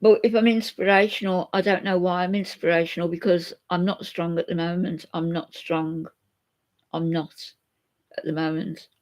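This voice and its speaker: In an emotional live chat, an older vlogger woman speaks at a moderate pace in a lowish voice with a level, darkish tone. She rambles openly to viewers and reads their comments out.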